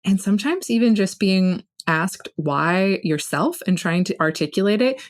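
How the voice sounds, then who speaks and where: A woman's voice: medium pitch, animated, normal speed. A woman financial coach as a guest, speaking in a thoughtful, affirming way. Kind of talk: casual interview chat.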